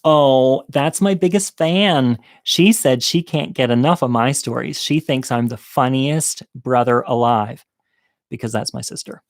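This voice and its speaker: A man's voice: medium pitch, a little slow. A man telling a comic personal story in a casual monologue, campy and candid, with chatty, self-deprecating asides to the viewer.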